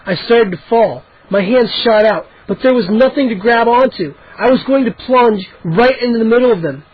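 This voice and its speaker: A man's voice: extremely high pitch, moderate pace, husky, dry recording, lo-fi sound. A man reading a children's horror story aloud with dramatic, tense narration.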